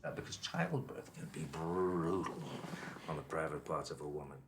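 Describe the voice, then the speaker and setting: A man's voice: rumbling low, normal speed, background noise. An actor playing a boastful, crude male tycoon with a New York accent who talks bossily and brags about himself. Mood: bragging. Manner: boastful, bossy, crude asides.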